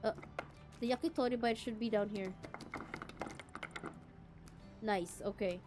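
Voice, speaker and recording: A young woman from the Philippines, streaming a game and chatting with viewers. Her voice is pitched high and put on to sound sweet and girlish. Faint game music plays under her talk. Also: steady tone. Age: young adult. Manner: deliberately cute, girlish voice. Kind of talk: casual gameplay chat.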